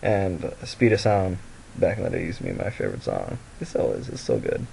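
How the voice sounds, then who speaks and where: Sleepy young male vlogger, low, dark and gravelly, rambling with fillers. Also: big pitch swings, moderate pace, slight background noise, low-quality recording. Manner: rambling, lots of fillers and restarts. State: tired, sleepy voice. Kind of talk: casual confessional vlog. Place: at home by a mirror.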